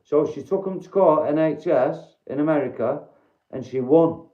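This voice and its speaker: A man's voice: on the high side, moderate pace, echoey room, lo-fi sound. A man from Doncaster with a Yorkshire accent, hosting a casual livestream, bluntly chatting to viewers by name and swearing freely. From Doncaster, Yorkshire, England. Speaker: livestream host.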